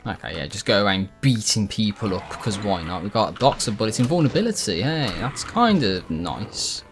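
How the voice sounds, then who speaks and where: A man's voice: on the low side, sing-song, a little fast, hardly any pauses. A man giving casual, rambling commentary as he plays a video game, correcting himself often and swearing when frustrated. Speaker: gaming YouTuber.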